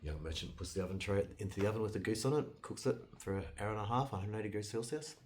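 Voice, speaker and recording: Deep-voiced male storyteller. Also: fast, slight background noise. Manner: loose retelling with restarts, lively swings in loudness. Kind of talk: casual fairytale storytelling.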